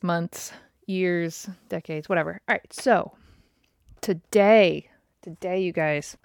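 A woman's voice: on the low side, dry recording, clean studio sound. A woman in her thirties hosting her own podcast, telling a story in a chatty, exasperated way and swearing freely. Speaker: podcast host. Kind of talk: casual storytelling monologue. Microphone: podcast mic.

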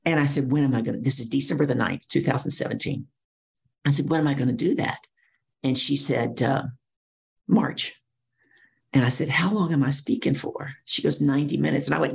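A middle-aged woman with a gravelly edge to her voice tells stories as an interview guest. She talks with vivid energy and acts out the people she quotes. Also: extremely low pitch, fairly quick. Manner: animated storyteller acting out quoted voices. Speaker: guest speaker and coach. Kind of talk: storytelling interview.

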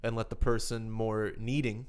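A man's voice: fairly low pitch, flat delivery, moderate pace, smooth. A young man co-hosting a podcast in casual chat, wry and teasing, peppering his co-host with questions.

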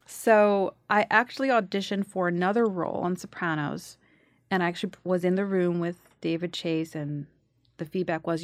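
A woman guest telling a story in casual chat, acting out the quotes in lively bursts. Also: fairly low pitch, moderate pace, no room sound. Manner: animated, acts out quotes.

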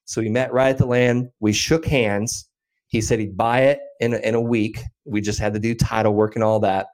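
A man in his thirties, a podcast guest, telling a story in a casual, animated way with many fillers. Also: fairly low pitch, normal speed. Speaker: podcast guest, land investor.

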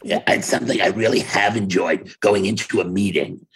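An older man speaking casually in an interview over a video call from his home office, telling wry stories and laughing often, with a very husky voice. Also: low-pitched, normal speed, low-quality recording. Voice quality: very husky, gravelly voice. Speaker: interview guest, playwright.

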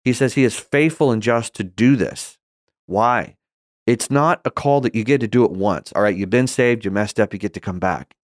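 A man's voice: lowish voice, normal speed, no room sound, clean studio sound. A man giving an earnest, conversational Bible teaching that grows more emphatic and impassioned. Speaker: Christian teacher.

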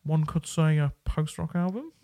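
A man's voice: fairly high pitch, normal speed, mellow, no echo, studio quality. A man co-hosting a music podcast in casual chat, enthusiastic and rambling with restarts.

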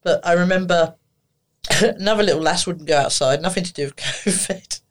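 A woman therapist, telling lively stories on a podcast, laughing and acting out the conversations she recounts. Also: fairly low pitch, normal speed. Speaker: therapist guest. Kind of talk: anecdotal storytelling on a podcast.

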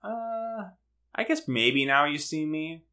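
A man's voice: fairly high pitch, animated, slow, a loud crowd. A man co-hosting a podcast in casual chat, joking and self-mocking as he rambles along. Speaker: podcast co-host.

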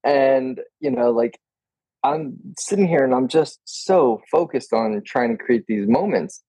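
A man's voice: medium pitch, a little slow, mellow, husky, dry recording, low-quality recording. A man in a casual podcast conversation, chatty and enthusiastic, often quoting himself.

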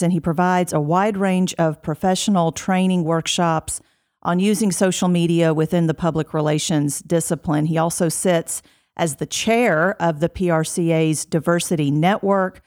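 Low-voiced Southern American woman host. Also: no echo, clean studio sound. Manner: warm, gracious and effusive. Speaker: podcast host. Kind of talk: podcast interview.

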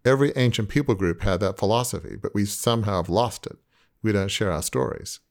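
A man's voice: lowish voice, brisk, creaky. A man hosting a podcast, speaking reflectively and asking his guest questions. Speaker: podcast host. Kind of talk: casual interview.

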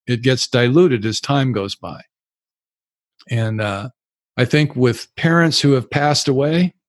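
Speaking at a live event's Q and A, this older recovery speaker and sponsor shares his stories in a frank, plain-spoken way. He has a medium-pitched voice. There's no room sound; the audio is studio-clean.

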